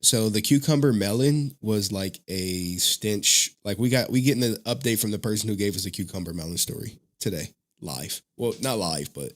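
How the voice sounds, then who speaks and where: Low-voiced rambling man streaming live. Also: moderate pace, hardly any pauses. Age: adult father of a young child. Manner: rambling, laughs often, talks to chat. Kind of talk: casual live stream chat.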